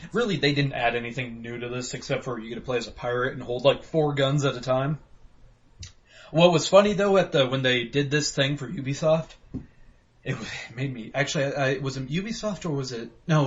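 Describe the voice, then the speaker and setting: A man hosting a laid-back gaming podcast, talking animatedly and swearing freely. His voice sits at an ordinary pitch. The recording sounds a bit dull and lo-fi. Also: fairly quick. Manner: animated, swearing, acts out his own reactions in quoted voices. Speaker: podcast host. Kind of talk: casual chat.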